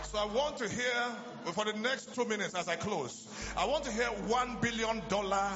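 A man's voice: sits high, moderate pace, noisy background. A man preaching a sermon, calling out to the congregation and repeating commands. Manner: shouting, repetitive calls to the congregation. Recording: muffled recording with loud music behind. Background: loud music.

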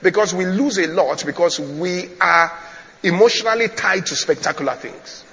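Preaching a storytelling sermon at normal speed, a male pastor with a fairly high, fairly bright voice repeats his phrases and keeps checking on his listeners. The sound is dull and lingers in a long hall reverb.

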